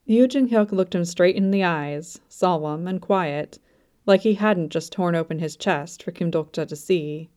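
A woman narrates a story in a soft, even manner, her voice low and mellow. She reads slowly and unhurriedly, without pushing. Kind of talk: scripted narration.

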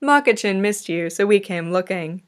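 A woman voicing a playful, affectionate young man, spoken softly and easily. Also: medium pitch, animated, normal speed, natural voice.

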